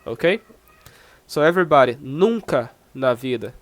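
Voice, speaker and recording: A man's voice: medium pitch, expressive, no echo. A Brazilian man, a native Portuguese speaker, teaching Portuguese phrases in English, patient and repetitive, checking understanding with "okay?". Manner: patient, repeats phrases often with "okay?" and slow drilled examples. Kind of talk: online language lesson.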